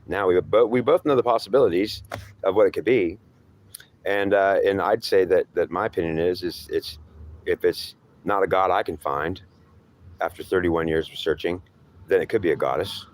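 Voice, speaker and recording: A man delivering an improvised spoken monologue, rambling and philosophizing, often repeating himself as he goes. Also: sits low. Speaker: storyteller.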